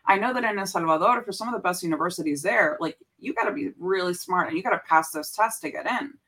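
A woman in her thirties talks openly about her past, her voice sitting slightly low, her story full of fillers and restarts. She drops Spanish phrases into casual chat. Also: fast talker, a bit bright. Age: 30s. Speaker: podcast guest. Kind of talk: casual conversation.

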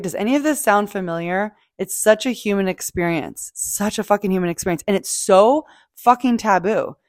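A woman hosting a podcast, talking in a casual, animated motivational monologue, swearing freely and acting out feelings. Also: mid-range voice, no echo, clean studio sound. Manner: animated, swearing, playful, acts out quoted feelings. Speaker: podcast host.

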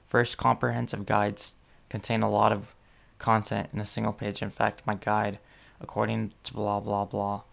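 A sleepy young man reading aloud and commenting casually, skimming with many ums and asides. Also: on the low side. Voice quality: gravelly fry. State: sleepy, yawning. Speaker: solo vlogger reading about link building.

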